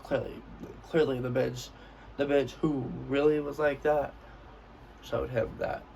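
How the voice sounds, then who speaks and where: A man's voice: medium pitch, little pitch movement, a little slow, gravelly, pauses often, a little mellow, recorded from a distance, a little hiss or hum, low-quality recording. A young man telling a storytime vlog in a brash, profane, casual way, acting out what he said. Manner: brash, profane, acts out quotes of himself. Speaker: vlogger.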